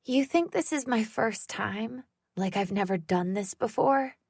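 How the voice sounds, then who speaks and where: A clingy, unstable young woman in an audiobook thriller, her voice climbing high into a wailing plea, as a woman reader puts her on. She speaks slowly and begs. The recording is dry and close. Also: vocal fry, a little mellow, breathy edge, dry recording, full character voice. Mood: cold menacing. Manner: high pleading wail breaking into begging.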